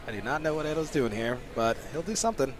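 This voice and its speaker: A man, a sumo coach, giving casual sports commentary, excitable and often laughing while telling rambling stories. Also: on the high side, fast talker, noisy background. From United States.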